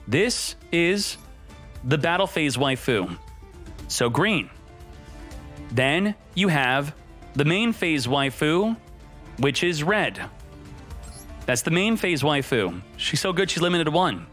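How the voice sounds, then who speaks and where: A man streaming a card game, giving excited, jokey commentary and talking to himself as he plays. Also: a little high, takes it slowly, pauses often, faint music behind. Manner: hyped, jokey, talks to himself while playing. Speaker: gaming streamer.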